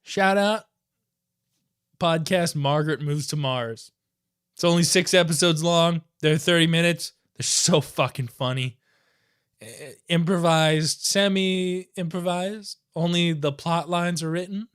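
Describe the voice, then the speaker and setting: A somewhat high-voiced man hosting a casual podcast. He ribs his co-host with crude, teasing jokes and keeps the banter moving. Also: a bit bright, clean tone. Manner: teasing, crude, quick to joke.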